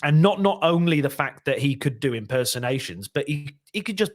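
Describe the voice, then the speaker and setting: A man's voice: fairly high pitch, lively intonation, brisk, dry recording, clean studio sound. A man, a comedian and impressionist, chatting as a podcast guest, rambling with frequent restarts and self-deprecating remarks. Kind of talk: casual podcast interview.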